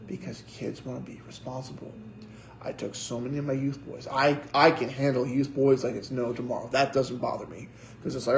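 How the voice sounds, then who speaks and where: A young man with a gravelly edge preaches in a relaxed, storytelling way. He acts out the voices of the people in his stories. A faint hiss sits under the recording. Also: mid-range voice, fast talker, echoey room, poor audio. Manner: animated storyteller acting out quotes. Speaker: pastor. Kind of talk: casual sermon storytelling.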